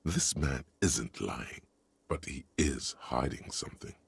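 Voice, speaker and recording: Casting: a brooding game narrator, extremely deep, gravelly, slow and ominous. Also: male voice, no room sound, heavily acted. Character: grave, gravelly male narrator voicing the detective's inner thoughts.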